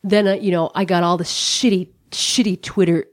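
A woman's voice: lowish voice, steady tone, normal speed, no echo, clean studio sound. A middle-aged American woman telling a personal story, candid and profane, with lots of "like" and "you know". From United States. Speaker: comedian guest.

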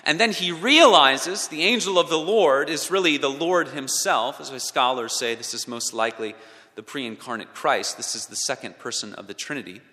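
A male preacher delivering a sermon, swinging from loud emphatic peaks to hushed low passages. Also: moderate pace. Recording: long reverb of a large hall.

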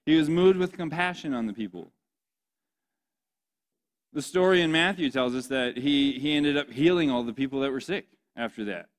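A young male pastor gives a sermon in a relaxed, joking style. He keeps asking the congregation questions and plays out little scenes in a chatty voice. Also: mid-range voice. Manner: playful, joking, asks the audience questions.

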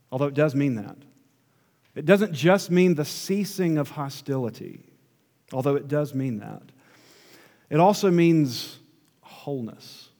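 A male pastor delivers a sermon at an unhurried pace, his voice pitched in an ordinary middle range. He presses on key words, then sinks to a near-whisper. The sound carries a long reverb, as in a large sanctuary. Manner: slow, emphatic preaching, dropping to a hush at key words.

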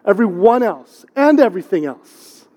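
In a church sanctuary, a middle-aged pastor gives a conversational sermon, using rhetorical questions and repeated words for emphasis. His high-pitched voice is sing-song and dark-toned at a moderate pace, with long hall reverb around it.

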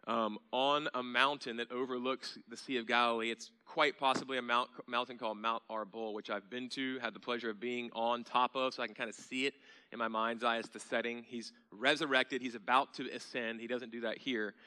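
A man preaching a sermon in a bright, forceful voice. He speaks earnestly and asks rhetorical questions. He repeats key phrases for emphasis, building from quiet asides to emphatic declarations. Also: mid-range voice, steady tone, fairly quick, smooth. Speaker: pastor.

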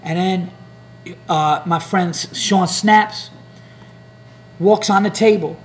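A man's voice: high voice, takes it slowly. A man hosting a podcast, telling a long profane story in casual chat and acting out other people's lines. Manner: rambling, profane, acts out hecklers' lines. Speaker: comedian podcast host.

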